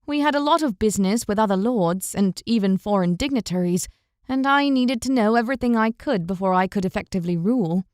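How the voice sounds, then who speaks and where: A woman voicing a spirited, quick-tempered young noblewoman in an audiobook, sharp and indignant. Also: mid-range voice, dry recording, studio quality, lightly acted.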